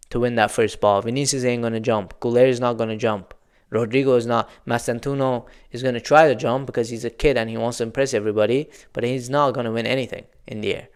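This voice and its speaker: A man's voice: medium pitch, clear, resonant tone. Frustrated man ranting about football. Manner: frustrated, emphatic, repetitive venting. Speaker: football channel host. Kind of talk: solo post-match reaction rant.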